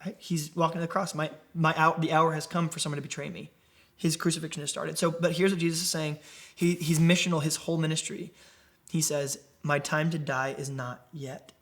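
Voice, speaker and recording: A man's voice: a little high, a little fast. A man leading a conversational Bible teaching for a young adult group, often asking the listeners questions. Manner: animated, asks the group questions. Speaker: young adult ministry preacher.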